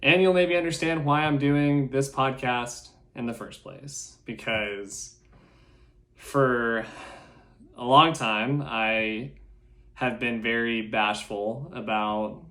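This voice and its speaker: A man hosting a solo podcast, talking earnestly and nervously in a halting, self-deprecating way. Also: medium pitch, steady tone, fairly bright tone. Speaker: podcast host.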